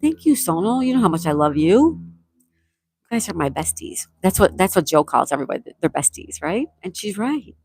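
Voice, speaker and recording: A woman's voice: on the low side, big pitch swings, brisk, darkish tone, breathy edge. A middle-aged woman hosting a casual livestream, reading viewer comments aloud in an affectionate, chatty way and laughing often. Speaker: livestream host reading chat. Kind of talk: casual live chat.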